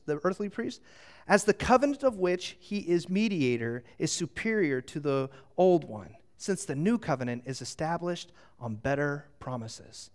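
A middle-aged man preaching a sermon as a pastor, animated and storytelling, drawing the audience into a little game. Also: on the high side. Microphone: handheld microphone.

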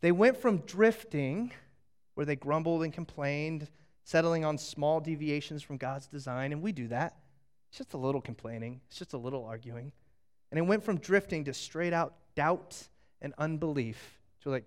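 A man preaches with a noticeably high voice. He tells the story casually, with jokes, and drops into quick acted-out lines along the way. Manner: animated, jokey, acting out quick asides. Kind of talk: sermon.

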